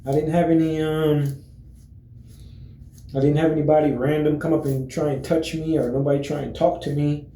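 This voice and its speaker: A man talking casually to his viewers in a relaxed, rambling way, full of fillers and restarts. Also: a little high, normal speed, reverberant, a little hiss or hum, rough recording. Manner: relaxed, friendly greetings. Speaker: vlogger. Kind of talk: casual chat to camera.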